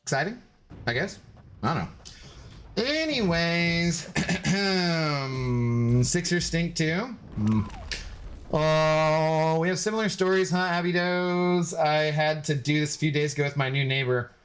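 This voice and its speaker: A man live-streams a game, speaking slowly in a slightly bright voice over light background noise. He chats loosely and rambles, reading viewers' comments aloud, and switches to high, scolding baby talk for his dog.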